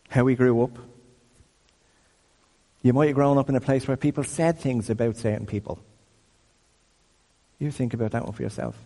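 With a warm, mid-range voice, a man in his fifties gives a conversational teaching talk like a sermon, regularly questioning his audience. The recording has long hall reverb.

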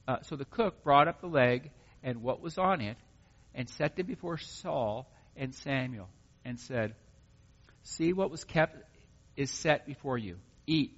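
A man reading scripture aloud and explaining it in a relaxed, conversational way, thinking aloud as he goes. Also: mid-range voice. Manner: conversational, thinks aloud, plain-spoken asides. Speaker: Bible study teacher. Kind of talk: informal scripture reading and commentary. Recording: muffled recording with long hall reverb.

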